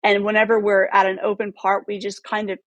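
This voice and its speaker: A woman in her thirties, a podcast guest telling a long story in a casual, animated way, swearing freely and acting out the dialogue. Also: mid-range voice, a little fast, dry recording. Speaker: podcast guest, photographer and former model.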